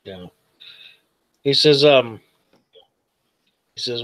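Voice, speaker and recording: A man narrating as game master of a tabletop role-playing game, hesitant with many pauses and fillers. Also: mid-range voice, a bit bright, no echo.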